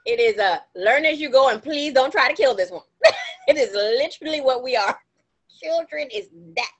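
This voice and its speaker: Lively high-voiced woman podcaster. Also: normal speed. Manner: animated storytelling, acts out quotes in exaggerated voices; blunt and emphatic, laughs often. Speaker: podcast co-host. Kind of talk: casual chat.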